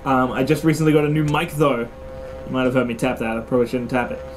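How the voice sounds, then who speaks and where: A young man playing a game at home gives casual commentary, swearing a lot, getting excitable and yelping when things go wrong or startle him. He speaks fast in a mid-range voice over soft background music, picked up by a desk mic and a camera mic.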